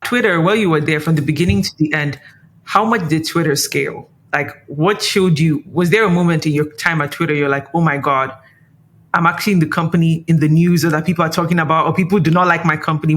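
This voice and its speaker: A man hosting a casual interview, his voice pitched fairly high. He fires off his questions at a rapid, eager clip. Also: fairly even intonation, fairly bright tone. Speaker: interview host.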